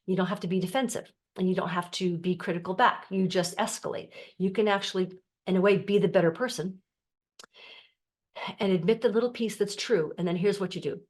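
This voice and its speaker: A middle-aged woman coaching her viewers in a calm, explanatory way, acting out the voices of the family members she quotes. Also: medium pitch, fairly quick. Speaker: life coach. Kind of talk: teaching to camera.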